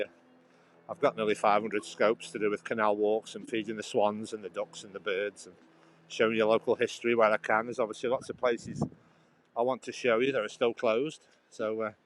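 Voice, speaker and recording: A man's voice: medium pitch, fairly bright tone, poor audio. A man hosts a casual walking livestream outdoors, talking into a handheld phone. He rambles in a loose, friendly way and keeps chatting to his viewers by name as he goes. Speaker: livestream host. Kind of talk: casual live walking vlog. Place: outdoors on a canal towpath.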